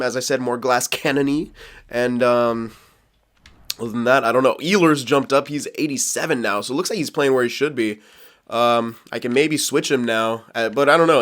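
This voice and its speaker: A man's voice: medium pitch, a bit bright. A man casually commenting as he plays a hockey franchise mode, rambling and laughing, talking straight to his viewers. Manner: rambling, self-aware, quick to laugh; talks to viewers while managing a hockey franchise. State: hiccups. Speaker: gaming YouTuber.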